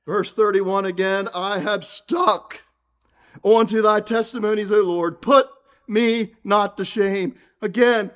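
A man preaching a sermon, reading scripture aloud and repeating his points earnestly, often dropping to a low murmur at the ends of phrases. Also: a little slow, fairly bright tone, clear, resonant tone.

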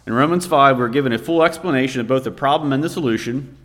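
Male preacher, mid-pitched, storytelling sermon delivery, long reverb of a church hall. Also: quick pace, a bit bright. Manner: storytelling, vividly recounting a scene.

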